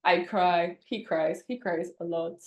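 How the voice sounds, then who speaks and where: A young woman co-hosting a podcast, telling a dating story with dramatic pauses in casual chat. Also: on the low side, dull audio. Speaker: podcast co-host. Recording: roomy echo.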